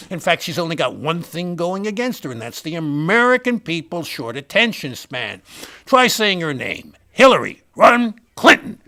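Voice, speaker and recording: A man playing a gravelly, rambling party insider. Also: a little high, bright, forceful tone, exaggerated voice. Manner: rambling, name-dropping, punchline-driven. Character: rambling, boastful male Republican party insider. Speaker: comic character monologue. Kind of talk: satirical stand-up rant.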